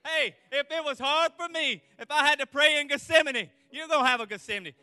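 High bright-voiced man preaching fervently. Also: brisk, few pauses, no echo, soft background music. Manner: fervent preaching with whooping shouts and repeated refrains. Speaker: pastor. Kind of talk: revival sermon.

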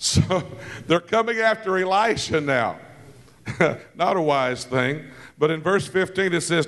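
A man preaching a sermon, telling stories with quick asides and laughter and calling out to the congregation. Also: a little high, big-room sound. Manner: lively storytelling with asides and laughter; calls out to the congregation.

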